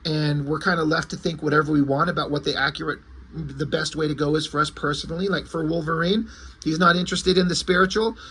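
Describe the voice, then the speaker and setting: A man's voice: a little high, steady tone, fast talker, sharp tone, husky. A man casually reviewing an old comic book, rambling and correcting himself as he goes, with the odd swear word.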